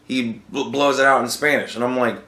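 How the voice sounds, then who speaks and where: A man's voice: mid-range voice, fairly even intonation, a little fast, pushed and bright, roomy sound. A man hosting a podcast, telling a story in a casual, profane rant and reacting with disbelief. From United States. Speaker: podcast host. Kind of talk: casual ranting monologue.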